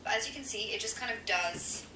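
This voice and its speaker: Woman, higher voice, relaxed step-by-step tutorial narration, echoey and noisy playback. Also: fairly quick. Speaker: makeup tutorial creator. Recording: echoey, distant playback with loud noise.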